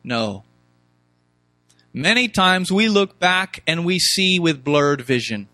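A man's voice: fairly high pitch, lively intonation, slow, bright, forceful tone, no room sound, soft background music. A man preaching a sermon, reading scripture aloud and mimicking complaining voices, with emphatic rhetorical questions.

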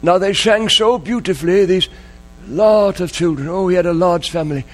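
A man's voice: high-pitched, moderate pace, faint music behind. A man preaching a sermon, telling a story in an emotional way and repeating key phrases. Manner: emotional, repetitive, dwells on phrases.

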